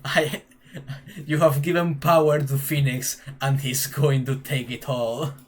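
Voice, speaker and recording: A streamer giving excitable, laughing commentary while playing through a story game. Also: mid-range voice, a little slow. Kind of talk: casual let's play commentary.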